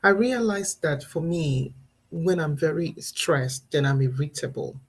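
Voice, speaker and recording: Sitting low with lively intonation, this thirtyish mother's breathy voice moves a little slowly through a rough recording. As a parenting vlogger on a casual live-stream, she shares earnest, reflective thoughts and laughs occasionally between them.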